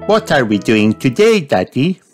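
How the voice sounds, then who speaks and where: A man's voice: medium pitch, big pitch swings, a little slow, music in the background, voice pushed up. A man voicing a cheerful little girl piglet in a storybook read-aloud, with an eager, chirpy, questioning manner. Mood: excited.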